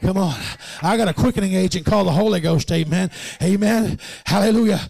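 Brief: male preacher, high, gravelly voice, call-and-response delivery swinging from hush to shout. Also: brisk, dry recording. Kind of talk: sermon.

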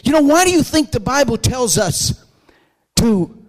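A man preaching a fervent sermon, building to shouted emphasis and leading the congregation in call-and-response. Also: very high voice, big pitch swings, measured pace, poor audio. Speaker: pastor.

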